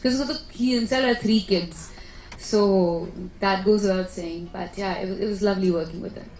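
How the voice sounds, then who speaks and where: A woman, an actress answering press questions in an animated, chatty way. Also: medium pitch, normal speed. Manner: chatty, animated storytelling with laughs. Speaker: actress at a film press meet. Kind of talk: casual press conference answers. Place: press conference room. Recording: echoey room, faint background noise.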